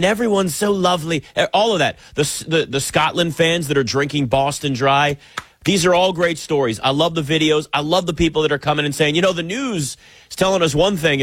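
A man's voice: medium pitch, a bit bright, dry recording. Sarcastic American man ranting, dry sound. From United States. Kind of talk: opinionated sports commentary monologue.

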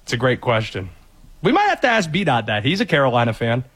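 A man with a Cajun accent, a sports talk radio guest with a wild, jumpy delivery that drops low and bursts into shouts. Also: wildly swooping pitch, quick pace, husky, no room sound. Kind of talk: comedic sports talk banter.

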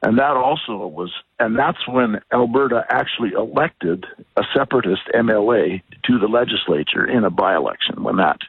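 Guy calling into a talk radio show, low rough husky voice, thinks out loud, dry phone-line sound. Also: expressive, dry recording. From British Columbia, Canada. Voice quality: husky, gravelly. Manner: measured, thoughtful, with pauses and fillers. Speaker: caller. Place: outdoors on a bike ride.

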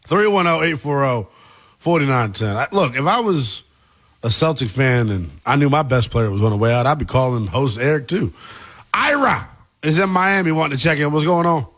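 A man's voice: a little high, animated, moderate pace, fairly bright tone. A man hosting a sports talk radio show in a laid-back, playful and slangy way. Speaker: radio host.

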